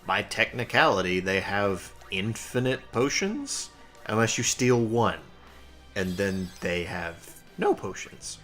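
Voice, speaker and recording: A man's voice: lowish voice, animated, takes it slowly, fairly bright tone. A young man casually commenting on his gameplay and explaining game mechanics. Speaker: let's play host. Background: game music.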